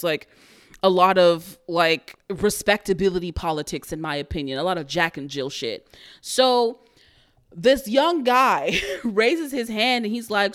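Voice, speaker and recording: A woman in her thirties hosting a podcast, telling a story in a blunt, profane way that breaks into loud outrage. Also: medium pitch. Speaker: podcast host. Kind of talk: casual storytelling rant.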